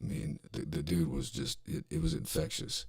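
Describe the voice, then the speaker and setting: A man's voice: fairly high pitch, wildly swooping pitch, moderate pace, gravelly, darkish tone. A middle-aged man hosting a podcast, telling a rambling, profane story full of restarts and fillers. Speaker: podcast host. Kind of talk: casual storytelling monologue.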